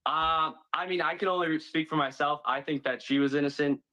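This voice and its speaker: Measured, hesitant male interviewee. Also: on the high side, steady tone, sharp tone, lo-fi sound. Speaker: juror interviewee. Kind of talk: news interview.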